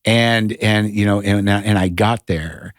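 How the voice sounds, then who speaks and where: A middle-aged male comedian telling an animated, profane story in casual chat, with many stammering restarts. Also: lowish voice, slow pace, no room sound, clean studio sound. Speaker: guest comedian.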